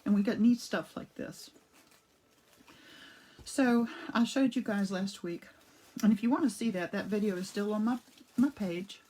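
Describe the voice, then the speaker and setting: A woman's voice: medium pitch, measured pace, long pauses, dark tone, low-quality recording. A woman hosting a casual live-streamed craft demonstration, chatting and greeting viewers as she goes, with a cough drop in her mouth. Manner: chatty, greets viewers by name mid-demo; rambling, with frequent restarts and asides. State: talking around a cough drop. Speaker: art demo host. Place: home art studio.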